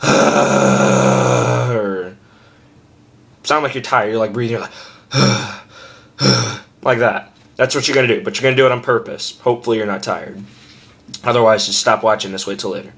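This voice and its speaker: A man's voice: medium pitch, fairly even intonation, quick pace, fairly bright tone. A young man talks through a home-made screaming lesson in a loose, rambling way. He curses freely and jokes at his own expense, and he sounds as if he is recorded on a simple camera mic at home. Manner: rambling, profane, self-deprecating. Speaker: screaming tutor. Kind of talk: casual vocal tutorial.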